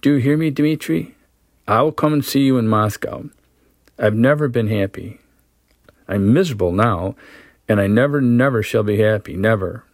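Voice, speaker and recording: A man's voice: mid-range voice, normal speed, no echo, clean studio sound, lightly acted. A man reading a story aloud, voicing a frightened young woman in love who pleads with her lover breathlessly. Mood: tearful pleading. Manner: breathless, imploring, rising to cries.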